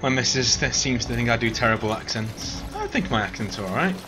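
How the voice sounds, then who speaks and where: A man's voice: mid-range voice, expressive, brisk, over music. A man casually commenting on a video game as he plays, laid-back, joking and swearing. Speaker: gaming streamer. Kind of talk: casual let's-play commentary.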